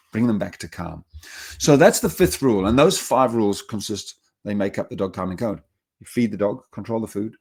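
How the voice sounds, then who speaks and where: A man's voice: lowish voice, a little mellow. A middle-aged man, a dog trainer, teaching a seminar in an earnest, repetitive way with restarts. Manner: earnest, repetitive, talks with restarts and acted-out quotes.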